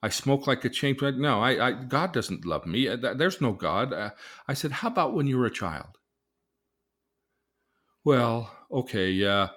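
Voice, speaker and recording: A man, a therapist, telling a case story, acting out the voices of the people in it and moving between soft, low asides and loud, excited bursts. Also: measured pace. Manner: vivid storyteller, acts out the people in his stories.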